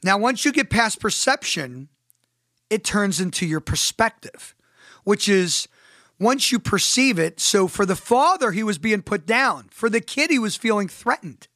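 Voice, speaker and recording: A man with a fairly high voice hosts a solo podcast monologue. The sound is dry with no room around it. He drives his points home to his listeners and keeps asking them rhetorical questions as he tells stories. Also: sing-song, unhurried, a bit bright, no echo. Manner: emphatic, addresses listeners directly. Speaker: podcast host.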